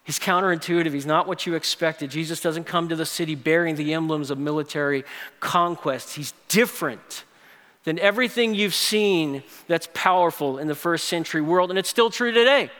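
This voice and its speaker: A man preaching with a bright, forceful, fairly high voice. He swings from loud emphasis down to hushed lines, and a long hall reverb trails his words. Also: normal speed. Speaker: pastor. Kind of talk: sermon.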